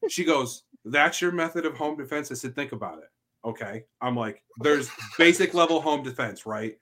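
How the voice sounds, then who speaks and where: A man hosting a casual podcast, telling animated stories packed with profanity. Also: fairly high pitch, normal speed.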